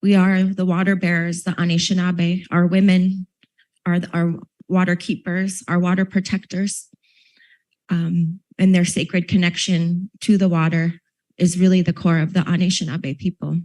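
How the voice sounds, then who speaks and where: Earnest woman panelist, somewhat low voice. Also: level tone, moderate pace, darkish tone, poor audio. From Minnesota, United States. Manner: earnest, emotional, slightly choked up. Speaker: panel speaker. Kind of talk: public panel talk. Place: panel event at a university.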